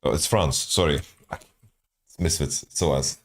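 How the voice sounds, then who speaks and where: A man's voice: extremely low pitch, moderate pace, a little hiss or hum. A man streaming, thinking aloud as he guesses team rosters from player nationalities, often repeating words. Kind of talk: casual stream commentary.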